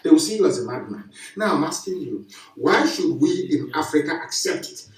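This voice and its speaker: A man's voice: a little high, sing-song, normal speed. A man giving an impassioned live broadcast address, preaching emphatically with rhetorical questions and repetition. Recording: echoey, distant from the mic.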